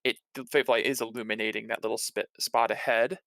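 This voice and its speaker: A man running a tabletop game as game master, narrating in a relaxed, halting way with many fillers. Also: medium pitch, creaky, dry recording. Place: home room, streaming.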